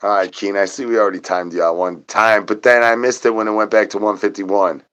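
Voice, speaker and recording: Deep-voiced man in goofy livestream chatter. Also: fairly even intonation, brisk, fairly bright tone, smooth. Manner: silly wordplay, singsong repeated catchphrases. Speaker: livestream host.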